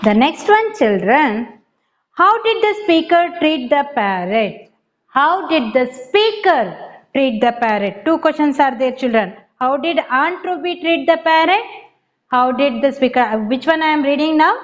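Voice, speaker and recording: A woman's voice: high voice, lively intonation, unhurried. A woman with an Indian English accent, a primary school teacher giving a revision lesson, spelling words out letter by letter and calling to the children. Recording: dull lo-fi recording.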